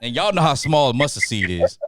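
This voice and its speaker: A man's voice: medium pitch, sing-song, a little fast, fairly bright tone, no echo, studio quality. A man hosting a casual podcast chat, ranting emphatically and repeating his lines for effect as he riffs with his co-hosts around a table. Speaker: podcast host.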